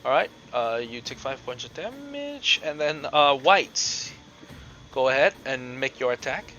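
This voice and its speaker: A man's voice: mid-range voice, big pitch swings, unhurried, bright, forceful tone, muffled recording, slight background noise. A man narrating as game master of a tabletop game over voice chat, describing scenes with many fillers and restarts. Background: game soundtrack music.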